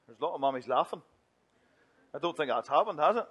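A man's voice: fairly high pitch, animated, fast talker, fairly bright tone, slightly rough. Playful male minister. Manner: playful and chatty, mimicking whiny children. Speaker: minister leading a children's talk. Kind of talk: lively church children's talk.

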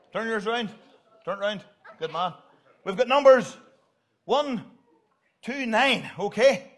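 A middle-aged man, giving a jokey, upbeat children's talk in church and directing volunteers. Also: high-pitched. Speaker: pastor.

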